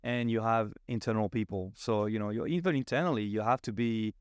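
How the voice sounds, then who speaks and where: A man's voice: lowish voice, brisk, dry recording, clean studio sound. A man, chatting loosely as a podcast guest about his work. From South of France. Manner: rambling, restarts often, animated. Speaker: guest, spirits brand advocacy manager. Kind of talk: casual podcast conversation.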